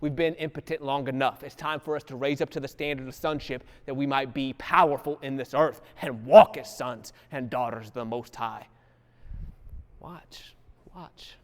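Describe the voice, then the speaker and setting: A man teaching the Bible in a fervent preaching style, falling to a hush and rising to loud exhortation, with casual dialect phrasing as he acts out quotes. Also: medium pitch, steady tone, brisk, hardly any pauses, long reverb tail.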